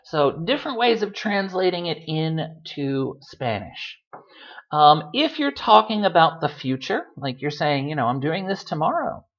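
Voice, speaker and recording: Man as a relaxed, joking language tutor, lively pitch, dull lo-fi computer mic. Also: a little slow. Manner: relaxed, chatty, with dry joking asides. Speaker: Spanish teacher. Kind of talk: recorded language lesson. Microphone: computer microphone.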